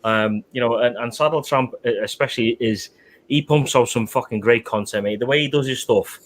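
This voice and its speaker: Effusive, swearing live-show host. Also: male voice, mid-range voice, brisk. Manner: effusive, sweary, says mate constantly. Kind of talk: casual live-stream chat.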